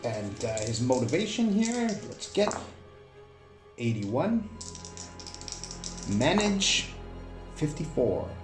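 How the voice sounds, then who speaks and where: A man narrating a solo tabletop game, thinking aloud with many pauses and fillers. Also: medium pitch, sing-song, echoey room, music in the background.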